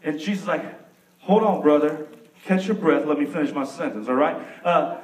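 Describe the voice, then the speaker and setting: A young pastor with a Texan accent preaches to his congregation in a roomy, echoing church, his voice sitting a touch high for a man. He picks up the mic from a little distance and sounds animated, slipping into the characters of the story with sudden loud bursts. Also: normal speed. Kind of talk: sermon. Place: church sanctuary. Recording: echoey room, mic some way off.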